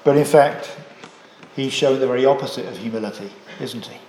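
A man preaching a sermon, measured and emphatic, often closing points with rhetorical questions. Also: mid-range voice, a little mellow, a little hiss or hum. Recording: echoey hall.

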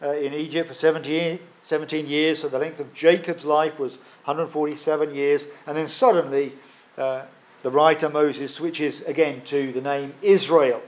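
A man preaching a sermon, emphatic, stressing and repeating key phrases with pauses. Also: a little high, fairly even intonation.

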